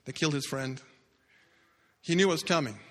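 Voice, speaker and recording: Bright-voiced man preaching in a reverberant hall. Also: a little fast. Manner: dramatic, swings from loud bursts to hushed low lines. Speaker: pastor. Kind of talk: sermon storytelling.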